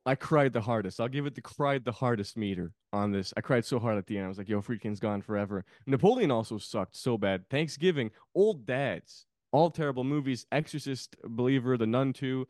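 A man's voice: medium pitch, fairly quick, hardly any pauses, a little mellow, no echo, clean studio sound. A man guesting on a podcast, chatting casually about films, rambling and laughing often. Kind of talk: casual film chat.

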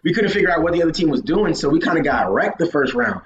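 A man's voice: fairly high pitch, very animated, quick pace, muffled recording. A young man from Georgia hosting a podcast, telling gaming stories in a casual, profane way and laughing often. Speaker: podcast host. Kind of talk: casual chat.

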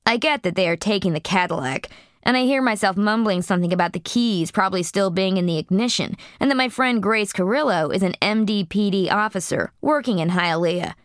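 A woman's voice: mid-range voice, brisk, dry recording, clean studio sound. A woman narrating an audiobook in a blunt, profane first-person voice.

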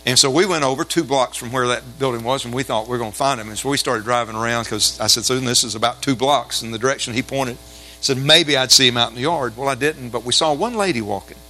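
A pastor telling a folksy, animated story in a sermon, then leading his church in call-and-response. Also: medium pitch, fast talker, a little hiss or hum, rough recording. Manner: animated, folksy storytelling that builds to shouted exhortation.

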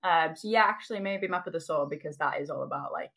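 A woman with a somewhat low voice co-hosts a casual podcast. She chats freely, laughs often and drops into quick quoted asides. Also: fairly bright tone. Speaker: podcast co-host. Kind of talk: casual chat.

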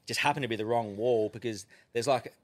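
Fast-talking Australian man spinning a yarn. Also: mid-range voice. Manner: profane, animated yarn-spinning with frequent swearing. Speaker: podcast guest. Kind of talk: casual storytelling.

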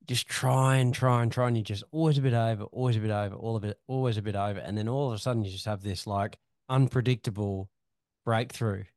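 Easygoing co-host, low voice. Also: male voice, steady tone, quick pace, a little mellow, no echo, clean studio sound. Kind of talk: casual chat.

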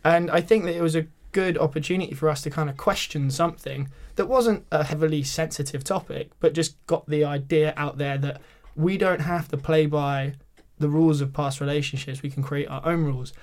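A man's voice: a little high, steady tone, brisk, hardly any pauses. A young British man telling a story in casual chat as a podcast guest, full of filler words and restarts. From Britain.

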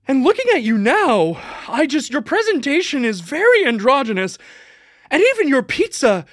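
A flustered, pompous pizza delivery man, as a woman puts him on, rambling and lecturing before tipping into panic. The voice runs fairly high and swings widely in pitch. It is recorded dry and close, with no room sound. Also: big pitch swings, normal speed, dry recording. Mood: mock-pompous.

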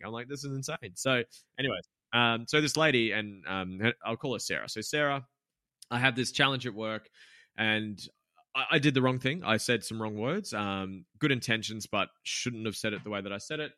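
A man's voice: mid-range voice, moderate pace, sharp tone, clear, resonant tone, no echo, studio quality. A man, a podcast guest telling a business story in a candid, rambling way, swearing freely and using lots of fillers. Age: 20s.

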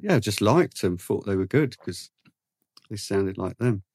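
A man's voice: fairly low pitch, lively intonation, unhurried, darkish tone, slightly rough, dry recording, clean studio sound. A man co-hosting a podcast, making wry, matter-of-fact remarks in casual chat. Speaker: podcast co-host.

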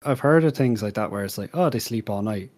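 A man's voice: fairly low pitch, animated, a little fast, darkish tone. A man, chatting casually on a podcast panel with wry asides.

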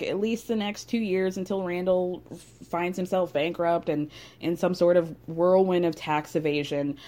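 A woman's voice: lowish voice, dark tone. A young woman casually recapping a reality TV episode with chatty, sarcastic asides.

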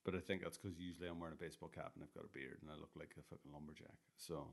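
A man's voice: extremely low pitch, steady tone, very fast, vocal fry. A man co-hosting a podcast in casual, sweary, rambling chat, self-deprecating about his own wrestling.

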